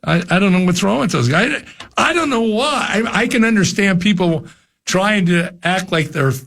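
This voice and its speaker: Older man talking sports radio, lively. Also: high voice, moderate pace, creaky, a little hiss or hum. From New Jersey. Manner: rambling, repeats words when starting thoughts. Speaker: former college football coach, guest. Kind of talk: casual radio sports talk.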